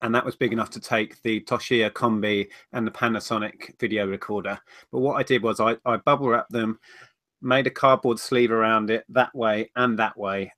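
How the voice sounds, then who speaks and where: A man's voice: on the low side, bright, forceful tone, dry recording, studio quality. A man chatting casually on a livestream, rambling through viewer questions. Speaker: co-host of a reselling livestream.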